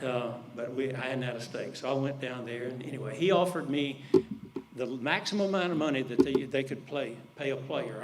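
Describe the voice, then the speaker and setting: Folksy older man telling stories. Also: a little hiss or hum. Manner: folksy, drops low to quote others. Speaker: speaker at an alumni event. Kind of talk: storytelling speech.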